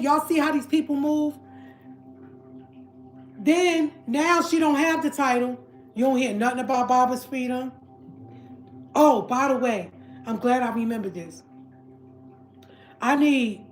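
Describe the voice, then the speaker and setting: A woman's voice: high voice, echoey room. A woman hosting a livestream, ranting heatedly and repeating herself as she calls her viewers family. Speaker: livestream host. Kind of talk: emotional livestream rant.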